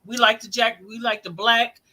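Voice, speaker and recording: A woman co-hosting a casual chat, talking in a lively way and laughing easily. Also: a little high, normal speed. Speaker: co-host.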